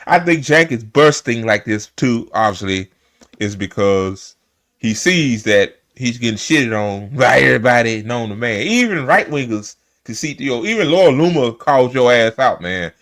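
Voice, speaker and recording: A man's voice: mid-range voice, lively intonation, normal speed, a bit bright. A man hosting a live stream, ranting heatedly and swearing often as he reacts to a clip. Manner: emphatic, swears often, repeats himself. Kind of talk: heated profane rant.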